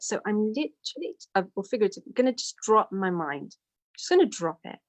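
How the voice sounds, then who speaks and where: A woman's voice: medium pitch, animated, moderate pace, long pauses. A woman telling a personal story in a candid, self-deprecating way. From United Kingdom. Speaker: devotee sharing testimony.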